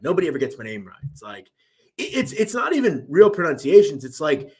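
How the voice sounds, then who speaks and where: A man's voice: high-pitched, very animated, brisk. Rambling Philadelphia-accented man hosting a live chat. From Philadelphia, USA. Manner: loose and rambling, full of fillers. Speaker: host. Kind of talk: casual live-stream chat.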